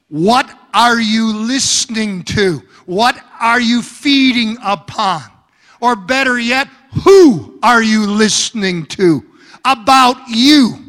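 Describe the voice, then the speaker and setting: A man's voice: extremely high pitch, bright, forceful tone, long reverb tail. A male preacher delivering a fervent, rhythmic sermon in church.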